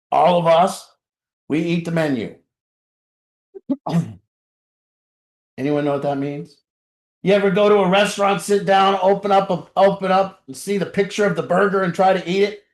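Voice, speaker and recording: A man speaking to a recovery group in an impassioned, confessional way, blunt and profane, dropping low and then shouting. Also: a little slow, pauses often. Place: group meeting room. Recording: roomy echo.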